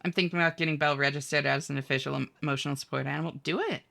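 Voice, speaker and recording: A woman with a low, gravelly voice chats with viewers while she plays a game. She has a bright, edgy tone, and she giggles and drifts from topic to topic. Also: steady tone, rapid-fire. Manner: chatty, giggly, reads chat aloud. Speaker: game streamer. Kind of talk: casual chat with viewers while gaming.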